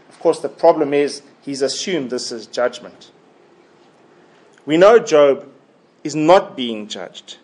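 A man delivers an expository sermon at an unhurried pace, his voice sitting a little higher than most men's. He presses his points with emphasis and circles back to repeat key phrases. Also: expressive, a little mellow. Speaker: preacher.

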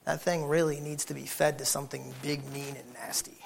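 Man preaching, telling funny neighbor stories, lively, acts out the dogs and people. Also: medium pitch, fairly quick, gravelly, slight background noise. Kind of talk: humorous sermon storytelling.

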